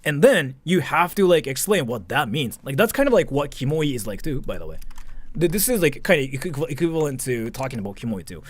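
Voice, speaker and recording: A young man from Japan, chatting casually on a livestream, animated and swearing, stopping to thank donors. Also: medium pitch, a little fast. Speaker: streamer.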